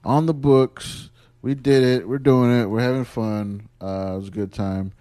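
A man chats loosely on his podcast. He laughs as he tells the tale and slips into impressions of his wife, at a middle pitch. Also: steady tone, normal speed, warm tone. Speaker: podcast host. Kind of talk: casual chat.

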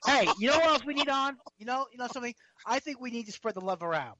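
A man with a fairly high voice teases and goads his way through a casual podcast chat. His recording is dry and slightly dull, as if a lo-fi mic picked it up. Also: expressive, fast talker, bright, forceful tone, no echo. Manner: teasing, goading. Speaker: podcast co-host.

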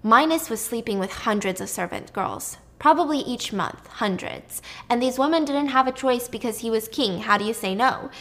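A woman's voice: a little high, expressive, normal speed, hardly any pauses, a bit bright. A woman retelling a myth in a chatty, irreverent style, swearing freely and adding asides. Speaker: storyteller host. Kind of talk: casual mythology retelling.

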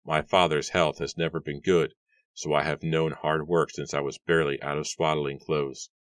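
Man playing a soft-spoken young farmhand, earnest, very deep, dry close sound. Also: little pitch movement, normal speed, dry recording.

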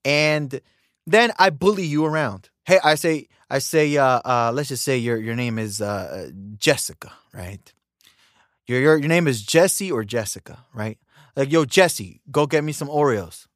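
A man's voice: mid-range voice, unhurried, no room sound, studio quality. A man hosting a podcast, delivering an opinionated casual monologue, often asking "right?" and acting out quoted exchanges. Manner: animated, repeats "right?" and acts out quoted lines. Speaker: podcast host.

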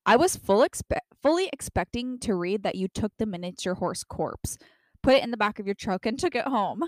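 A woman's voice: mid-range voice, lively intonation, moderate pace, dry recording, low-quality recording. A woman who makes horse content, casually reading an online story and its comments aloud and reacting with laughs and exclamations.

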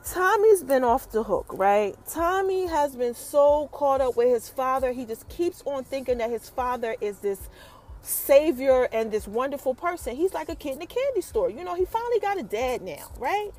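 A woman hosting a casual TV episode recap, telling the story with lively energy and talking straight to her listeners. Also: high voice, normal speed. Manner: animated storytelling, acts out characters' quotes, addresses listeners as y'all. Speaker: TV recap host.

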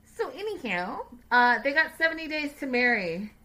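Woman, livestream host, casual recap, animated, bright tone. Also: sits high, normal speed. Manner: animated, chatty, sassy.

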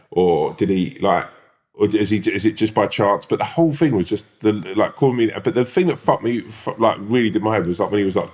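Deep-voiced man telling a story. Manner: animated storyteller, swears, acts out quoted voices. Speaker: podcast co-host. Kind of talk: casual storytelling chat.

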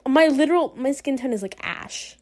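A woman with a high, darkish voice talks at a moderate pace while playing a story game. She giggles and chats casually, reacting out loud to each choice in relaxed let's-play commentary.

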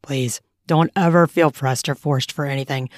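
A woman reading an audiobook, voicing a calm, caring male host who speaks directly and reassuringly. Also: very deep voice, moderate pace, dry recording, studio quality, pitched below the performer's own voice.

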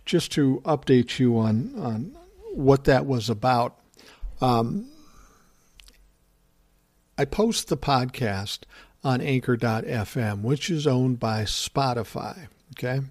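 A man's voice: medium pitch, animated, slow, pauses often, a little mellow, no room sound. An older man hosting a podcast, giving solo political commentary in a heated, profane rant. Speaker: podcast host.

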